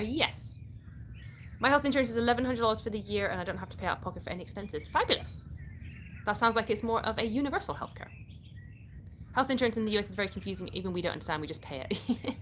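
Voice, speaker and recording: A woman's voice: medium pitch, fairly bright tone, a little hiss or hum. A British woman from the UK hosting a casual live stream, answering viewer comments in a chatty way and laughing often.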